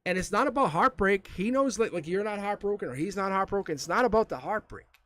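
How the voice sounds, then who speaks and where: A man with a slightly higher-than-average voice reads tarot on a live stream. He talks right to the viewer in a loose, chatty way and laughs softly as he goes. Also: animated, fast, no echo. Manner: chatty, addresses the viewer directly, chuckles often. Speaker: tarot reader.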